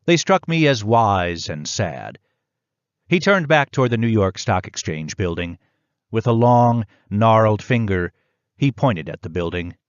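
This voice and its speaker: A man reading a first-person audiobook in a measured, reflective way. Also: on the low side, very animated, clean tone, no room sound, dull audio. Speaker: audiobook narrator.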